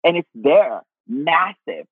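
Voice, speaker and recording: Guy with a kinda high husky voice, spiritual advice, says honey a lot, dry tinny sound. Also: expressive, takes it slowly, no room sound. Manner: swears freely and calls the listener honey. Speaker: spiritual teacher. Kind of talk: casual spiritual advice chat.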